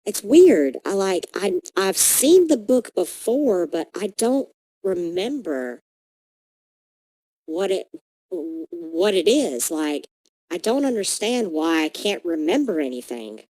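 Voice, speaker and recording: A game master voicing a grieving, confused ghostly mother in a tabletop game, speaking in halting, stammering bursts. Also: high voice, sing-song, mellow, no echo, voice pushed up, heavily acted, poor audio. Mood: confused, lost.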